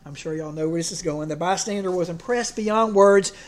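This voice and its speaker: A man's voice: sits high, a little fast. A man preaching a folksy sermon, joking and often restarting his sentences. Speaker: pastor.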